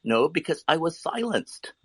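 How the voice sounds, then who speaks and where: A man's voice: on the high side, big pitch swings, moderate pace, fairly bright tone, breathy edge, no room sound. A man who works as an eye surgeon, arguing heatedly in a live online debate, emphatic and given to swearing.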